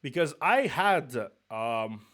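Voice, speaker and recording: A man's voice: on the high side, sing-song, slow pace, a bit bright. A man with a slight Russian accent, a little sick, chatting loosely and restarting his sentences as he sets up a stream to read a book. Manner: rambling, with frequent restarts and muttered asides. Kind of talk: casual chat before a book reading.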